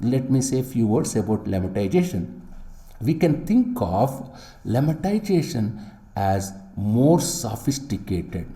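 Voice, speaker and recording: Male lecturer, unhurried, dark tone, echoey room. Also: medium pitch, very animated. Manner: repetitive, emphatic teaching with rhetorical questions. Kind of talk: classroom lecture.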